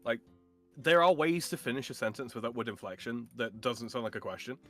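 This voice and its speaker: Man, casual stream chat, opinionated, halting restarts, chuckles, faint background music. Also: medium pitch, expressive, a bit bright.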